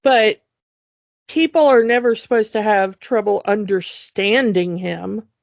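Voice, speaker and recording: A woman co-hosting a podcast, talking in an animated, emphatic way as she rants. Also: medium pitch, a little slow, vocal fry, dry recording. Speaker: podcast co-host. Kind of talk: casual chat. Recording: dull lo-fi dry sound.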